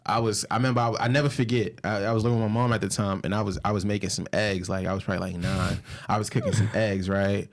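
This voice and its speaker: Animated New man telling stories. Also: fast, hardly any pauses. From Brooklyn, New York. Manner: animated, acts out quotes in a high voice. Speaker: podcast co-host. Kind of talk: casual storytelling.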